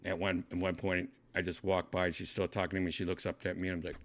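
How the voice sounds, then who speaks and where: A man telling a casual story as host of his own show, rambling, correcting himself, and jumping up into high voices to mimic people. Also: level tone, fast, fairly bright tone. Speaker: podcast host.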